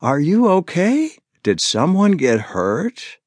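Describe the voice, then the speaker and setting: A male audiobook narrator voicing a caring, anxious young mother in a soft, raised voice. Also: fairly high pitch, wildly swooping pitch, slow, no room sound, clean studio sound, pitched above the performer's own voice, heavily acted. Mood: worried. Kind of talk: audiobook character voice.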